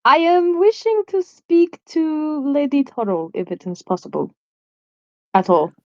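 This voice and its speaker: A woman's voice: sits high, big pitch swings, darkish tone, no echo, voice pushed up. A woman doing a stiff, shy young dragon rider who speaks in careful, formal phrases in a tabletop game. The sound is dull and muffled, with a dry, close feel. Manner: halting, overly formal and awkward.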